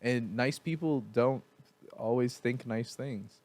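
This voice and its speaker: A man co-hosting a podcast, speaking earnestly in halting casual chat with many fillers. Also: mid-range voice, a little mellow.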